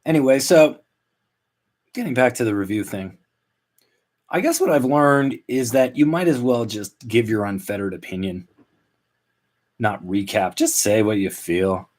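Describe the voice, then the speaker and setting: A man in his late thirties hosting a solo comedy podcast, rambling in a deadpan, self-mocking way. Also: fairly low pitch, a little slow, pauses often. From Canada. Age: 30s. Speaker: podcast host. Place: at home.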